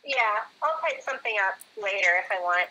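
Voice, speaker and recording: Very bright sharp-toned woman, giggly and upbeat, chatting on a live q&a. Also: mid-range voice, lively intonation, brisk, husky, lo-fi sound. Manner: giggly and upbeat, laughs often. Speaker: co-host relaying answers. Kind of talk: casual live Q&A chat.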